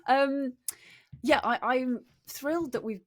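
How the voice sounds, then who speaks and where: A middle-aged woman, hosting a podcast in a giddy, jokey, animated way. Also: high-pitched, takes it slowly. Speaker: podcast host. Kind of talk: show intro and casual chat.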